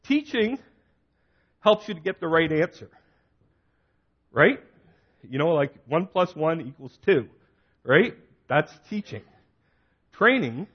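A man tells a story to a group about raising kids, talking loosely and full of asides. His voice is husky and a bit high. The recording is dull and lo-fi. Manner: conversational, storytelling with many asides. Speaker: father giving a talk on parenting. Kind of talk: informal faith talk to a group.

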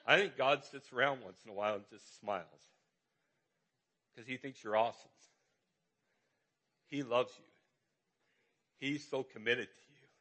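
A man's voice: medium pitch, measured pace, pauses often. Man preaching a casual, repetitive sermon. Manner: conversational, warm-hearted preaching with repetition. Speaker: pastor.

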